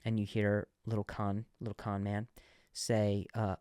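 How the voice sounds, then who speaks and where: A man who stutters, hosting a comedy podcast and telling animated, self-mocking stories. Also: lowish voice, measured pace, smooth, no echo, studio quality. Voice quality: stutter, frequent repeated words. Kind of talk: comedic storytelling.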